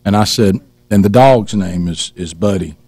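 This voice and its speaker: A man's voice: on the low side, normal speed, a little mellow, dry recording. A man hosting a radio show, telling a long teasing story in a rambling way with many restarts, into a studio microphone. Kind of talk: casual storytelling chat.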